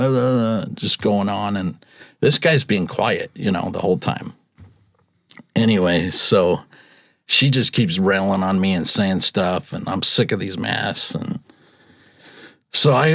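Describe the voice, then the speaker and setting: Low-voiced chatty man. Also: unhurried, creaky, fairly bright tone, dry recording, studio quality. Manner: chatty, laughs often, acts out quotes. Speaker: podcast guest, rideshare driver. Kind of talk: casual storytelling.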